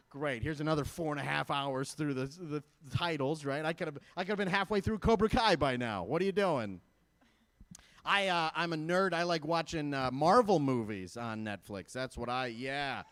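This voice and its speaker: A man's voice: on the high side, expressive, moderate pace, a bit bright, no room sound. A man in his thirties from Michigan doing a stand-up comedy set, self-deprecating and chatty with the audience. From Michigan, USA. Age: 30s. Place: live event stage at a school fundraiser.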